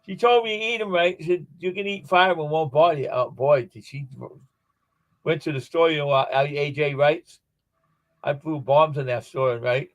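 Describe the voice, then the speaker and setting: A man's voice: a little high, normal speed, no room sound, muffled recording. A man chatting casually, telling rambling everyday anecdotes as a guest on a live stream. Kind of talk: casual chat.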